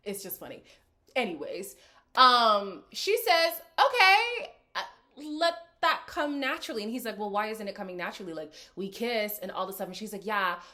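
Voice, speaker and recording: Her medium-pitched voice sounds pushed and bright as she hosts a reality TV recap. Laughing a lot, she offers sassy, casual reaction commentary aimed right at her viewers.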